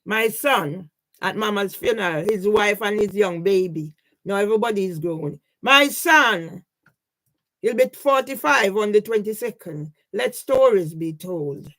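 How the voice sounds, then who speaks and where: Older woman slowly narrating her photos. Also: medium pitch, lively intonation, a bit bright, rough recording. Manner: rambling, repeatedly asks "yeah?"; grieving, aggrieved. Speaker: vlogger. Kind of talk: casual talk over personal photos.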